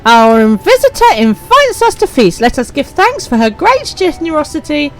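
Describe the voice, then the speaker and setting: A woman voicing the grand host of a desert village feast in a game, speaking in a booming, ceremonial way. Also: sing-song, normal speed, faint music behind. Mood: proclaiming.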